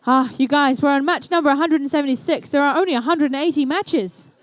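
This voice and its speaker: A woman's voice: high voice, quick pace, no echo. A young woman doing live, playful, chatty commentary at an indoor competition. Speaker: event commentator.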